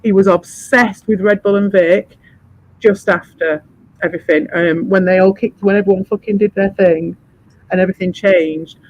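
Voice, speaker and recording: A man's voice: high-pitched, steady tone, normal speed. Sweary man ranting on stream. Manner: sweary, sarcastic, mocks others in put-on voices. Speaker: livestream host. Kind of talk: heated livestream rant. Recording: dull lo-fi stream audio.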